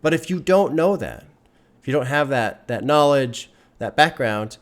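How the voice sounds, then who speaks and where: A man's voice: mid-range voice, lively intonation, a little slow. A man who runs a music reaction channel, talking casually to his viewers in an earnest, rambling way and repeating phrases for emphasis. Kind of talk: casual talk to camera.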